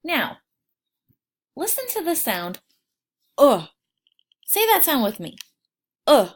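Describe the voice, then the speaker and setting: A woman teaching a phonics lesson to young children, slowly sounding out words and asking them to repeat. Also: sits high, wildly swooping pitch. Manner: slow, exaggerated sounding out of words.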